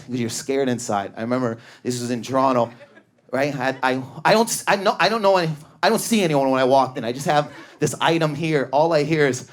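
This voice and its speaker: A man's voice: on the high side, brisk. A male stand-up comedian telling self-mocking stories with frantic, neurotic energy on a comedy club stage, in a live recording with audience laughter.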